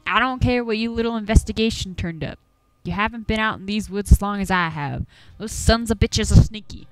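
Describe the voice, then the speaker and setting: A woman doing a gruff old Appalachian farmer. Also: mid-range voice, fairly quick, no echo, soft background music, pitched above the performer's own voice, lightly acted, poor audio. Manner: folksy drawl, grumbling and scolding. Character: gruff old rural man, stubborn chicken farmer and hunter.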